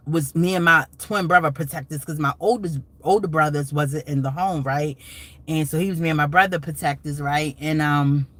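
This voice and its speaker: Rambling, emotional woman live-streaming. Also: low-pitched. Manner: rambling and emotional, full of restarts and asides. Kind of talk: casual live-stream monologue.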